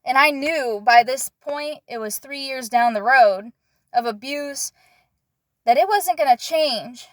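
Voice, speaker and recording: A woman's voice: sits high, slow pace, dry recording. Candid young woman telling her story. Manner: candid, conversational, with frequent fillers and blunt swearing. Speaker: vlogger. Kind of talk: personal storytelling to camera.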